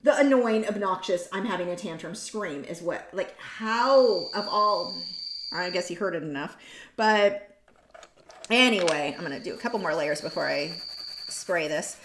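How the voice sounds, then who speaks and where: A woman's voice: lowish voice, expressive, normal speed, noisy background. A woman hosting an art livestream, chatting casually and rambling as she reads viewer comments aloud. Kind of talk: casual chat while drawing. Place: home art studio. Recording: echoey room.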